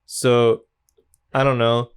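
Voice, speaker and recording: A man's voice: medium pitch, flat delivery, takes it slowly, smooth. A young man co-hosting a movie podcast in casual chat, joking with folksy phrasing and rambling through restarts. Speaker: podcast co-host.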